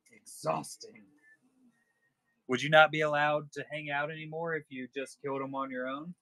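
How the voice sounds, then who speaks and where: A man's voice: on the high side, little pitch movement, normal speed, bright, forceful tone, no echo. A man hosting a live-stream card sale, chatting casually and joking with viewers. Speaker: livestream seller host.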